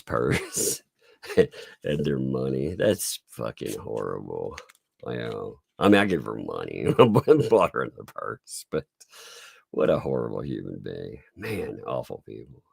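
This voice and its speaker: A middle-aged man hosting a live-stream commentary, sarcastic and quick to laugh and swear, his voice congested from sinus trouble. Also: very deep voice, vocal fry, husky, dry recording. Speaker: online commentary host.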